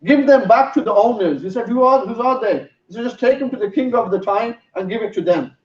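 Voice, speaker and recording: A man's voice: very high-pitched, a little fast. A man giving a sermon, telling a story in an earnest way. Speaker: preacher. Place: mosque hall. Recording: roomy, distant, dull sound.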